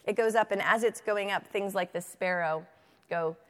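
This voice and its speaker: A woman giving a lively workshop to teachers, reading picture books aloud and checking in often with her audience. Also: medium pitch, normal speed, big-room sound. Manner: animated, chatty, checks in with "right?". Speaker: literacy workshop presenter for teachers.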